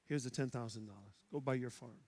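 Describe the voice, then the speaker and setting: A male pastor from Chicago with a Chicago accent, preaching and telling stories, going from loud shouts to hushed quiet. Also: mid-range voice, brisk. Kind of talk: sermon. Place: church sanctuary.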